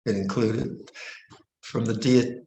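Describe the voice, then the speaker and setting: A male Buddhist monk giving a dharma talk, telling stories gently and chuckling often. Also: mid-range voice, fairly even intonation, takes it slowly, vocal fry. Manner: gentle, amused storyteller who chuckles often. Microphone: online video session. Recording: roomy hall echo.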